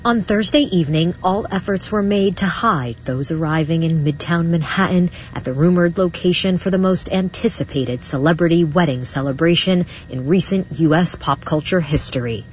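A woman correspondent narrating a scripted news package in a crisp, brisk way. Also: lowish voice, a little mellow, highs cut off, slight background noise.

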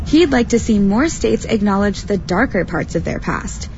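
A woman correspondent reading a radio news report in a measured, clear voice. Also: mid-range voice, lively intonation, a little mellow, dull audio, a little hiss or hum.

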